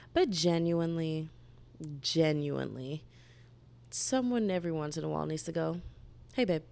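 Gravelly-voiced young woman gushing about books. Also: on the low side. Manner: animated, gushing, chatty with lots of "like". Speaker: book vlogger. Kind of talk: casual book review chat.

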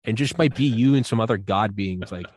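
Male podcast host, lower pitch, animated storyteller who acts out quotes and swears a lot, close dry mic. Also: a little fast, dry recording. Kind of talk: casual podcast chat.

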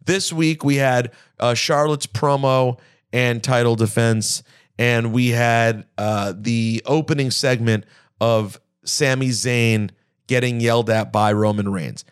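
A man's voice: mid-range voice, unhurried, clear, resonant tone. A man co-hosting a podcast, chatting casually and thinking aloud with fillers and restarts. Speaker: podcast co-host. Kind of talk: casual chat.

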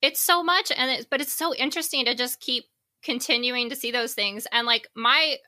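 A woman's voice: high voice, moderate pace, sharp tone, no echo, studio quality. A woman co-hosting a podcast in casual, rambling chat, full of fillers and jokes. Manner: rambling, filler-heavy, joking. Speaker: podcast co-host.

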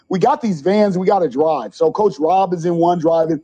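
A middle-aged man, a junior college basketball coach, telling animated stories in an interview and acting out the quotes. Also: high voice, moderate pace, hardly any pauses, slightly rough. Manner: animated storyteller, acts out quotes. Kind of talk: interview storytelling.

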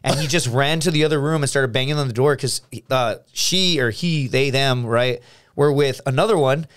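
An American man, a podcast co-host, telling a story in casual chat, animated and full of restarts, acting out his friends' lines. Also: mid-range voice, moderate pace, clear, resonant tone. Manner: animated, restarts a lot, acts out quoted friends.

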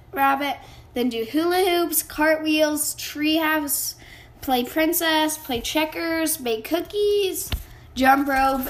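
Storybook kid: a woman reading an eager little girl, high voice. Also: slight background noise. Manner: eager, bubbly. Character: excitable little girl who loves pink.

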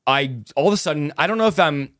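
A young man excitedly telling a personal conversion story as a podcast guest. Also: fairly high pitch, dry recording, studio quality. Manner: fast, excitable, animated retelling. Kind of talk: testimony storytelling.

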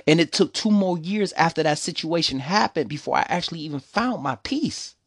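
A man's voice: a little high, lively intonation, fairly quick, husky, no echo, studio quality. A young man telling a personal story, emotional and preachy. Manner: emotional, preachy, repeats "see, the thing is".

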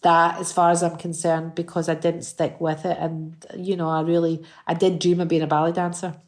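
A woman in her fifties with a Scottish accent, a singer chatting as a guest, telling animated stories full of restarts. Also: on the low side, fairly quick. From Scotland. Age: 50s. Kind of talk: casual interview chat.

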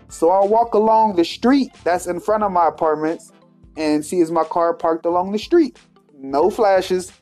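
Man, podcast host, comic rant, swears a lot, faint music underneath. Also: sits high. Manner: profane, animated, ranting. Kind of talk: comic storytelling monologue.

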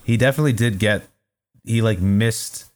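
A young man with a lowish voice co-hosts a podcast at an ordinary pace. He tells stories in a relaxed, teasing manner, swearing a lot, as part of casual podcast banter.

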